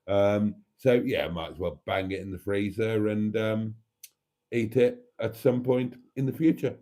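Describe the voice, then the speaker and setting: Here the livestream host speaks at a measured pace in a warm, lowish voice. He's hosting casually, reading viewers' comments and chatting in a theatrical, chatty style that calls them darlings.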